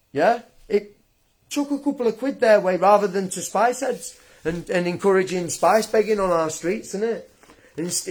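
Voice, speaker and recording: A young man livestreaming an angry rant, taunting and mocking a critic with frequent laughs. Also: high voice.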